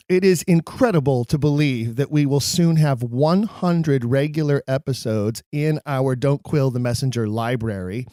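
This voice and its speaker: A man's voice: on the high side, darkish tone, no echo, studio quality. A man hosting a podcast, reading show announcements in an upbeat, promotional way. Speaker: podcast host.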